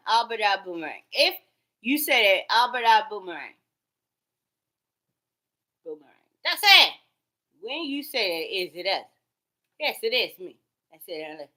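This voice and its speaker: Sharp, bright-voiced woman ranting. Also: on the high side, expressive, measured pace, long pauses. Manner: profane, rambling, heated. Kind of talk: ranting straight to camera. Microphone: camera.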